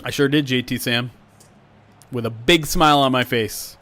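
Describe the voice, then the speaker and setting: Calling plays from a simulated football game, a young man with a mid-range voice speaks at a moderate pace on his live stream. He's chatty with viewers, reading chat aloud and raising his voice on big plays.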